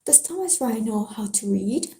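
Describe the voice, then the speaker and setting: A woman's voice: fairly high pitch, lively intonation, moderate pace, mellow, roomy sound. A woman whispering a book aloud and voicing a cruel, mocking male math teacher who taunts in a sing-song way.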